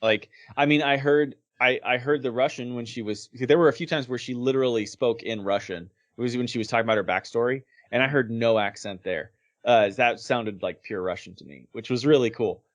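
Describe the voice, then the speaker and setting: A man's voice: mid-range voice, fairly quick. A man co-hosting a podcast, talking through his opinions in a casual chat, thinking aloud with frequent restarts. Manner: thoughtful, hesitant with restarts. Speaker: podcast co-host.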